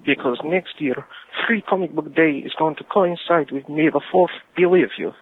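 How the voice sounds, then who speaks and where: Over a phone line, a British man leaves a joking voicemail in a put-on comic Eastern European accent. His voice sits on the high side, a little rough, at normal speed. Playful and rambling, he works through his message point by point.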